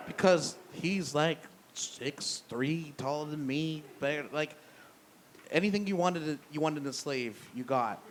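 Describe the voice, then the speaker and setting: A young man works a brewery crowd with a rambling stand-up set. His voice sits a touch high for a man. He curses casually, laughs at his own expense and restarts his sentences, over a faint hum of background noise. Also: unhurried. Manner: profane, self-deprecating storytelling; loose, rambling delivery with restarts. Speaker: stand-up comedian. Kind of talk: stand-up comedy. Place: brewery comedy show with live audience.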